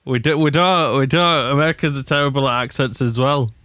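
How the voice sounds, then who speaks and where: A man's voice: medium pitch, fairly quick, a bit bright, no echo. A young man giving chatty, rambling, self-deprecating commentary while he streams a game. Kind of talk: casual gameplay commentary.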